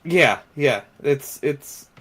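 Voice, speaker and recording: A man co-hosting a casual pop-culture podcast, talking in an excitable, opinionated way and swearing freely. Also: a little high, drawn-out words, slightly rough. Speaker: podcast co-host. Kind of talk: casual chat.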